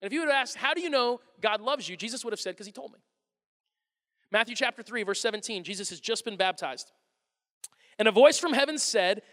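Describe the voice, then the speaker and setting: High-voiced, lively pastor preaching in a hall. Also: male voice, a little fast. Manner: animated, acts out quotes in voices. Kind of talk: sermon. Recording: long reverb of a large hall.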